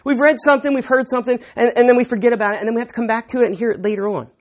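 A man's voice: very high voice, steady tone, racing. A man preaching a sermon to a live audience, teaching conversationally with rhetorical questions and frequent restarts. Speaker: pastor.

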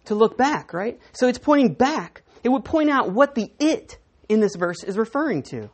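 A woman's voice: on the high side, sing-song, moderate pace. A woman preaching a sermon in church, teaching in a conversational way and putting questions to the congregation.

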